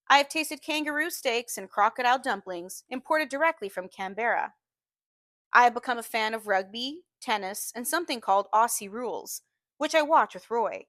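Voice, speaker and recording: A woman reading a novel aloud in a measured storytelling manner, slowing down to stress key phrases. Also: fairly high pitch, fairly bright tone, dry recording. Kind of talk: audiobook-style reading.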